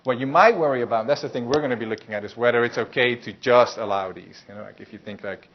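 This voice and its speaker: Speaking fast at medium pitch, a man delivers a relaxed, chatty lecture to a university class, full of fillers and restarts. The recording sounds muffled, with a faint hiss underneath.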